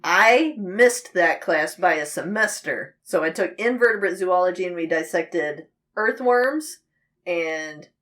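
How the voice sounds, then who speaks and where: A woman in her late thirties co-hosting a casual podcast chat, an animated storyteller who acts out the people she quotes. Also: lowish voice, a little slow. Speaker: podcast co-host.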